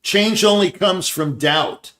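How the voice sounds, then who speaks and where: Hosting his talk show, an older man from around Scottsdale, Arizona speaks slowly in a high, bright, forceful voice with lively intonation. He rambles and thinks aloud casually, restarting often and putting on voices when quoting people.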